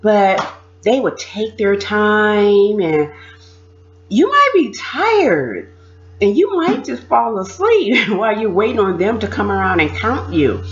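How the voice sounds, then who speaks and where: A woman recalling her time in prison in casual storytelling, animated, often laughing and imitating other people. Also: medium pitch, slow pace, highs cut off, a little hiss or hum. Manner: animated, mimics voices, laughs while telling. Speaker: former prisoner sharing experiences.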